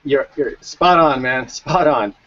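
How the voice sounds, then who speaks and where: A man co-hosting a relaxed talk show, chatting in an average pitch and circling back on his words. The sound is dull and lo-fi. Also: slow. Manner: chatty, storytelling, repeats words. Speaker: co-host. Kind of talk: casual conversation.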